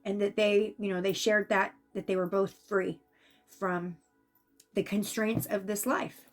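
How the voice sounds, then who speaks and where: A woman giving a casual spiritual reading as an intuitive reader, chatty and animated when she acts out what spirits say. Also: medium pitch, a little slow, faint music behind.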